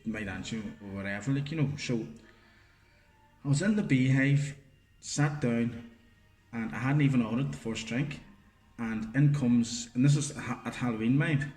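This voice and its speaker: A middle-aged podcast co-host with a medium-pitched, slightly mellow voice speaks at normal speed, with faint music behind him. In a roomy, echoey space, he spins a rambling, sweary anecdote packed with fillers.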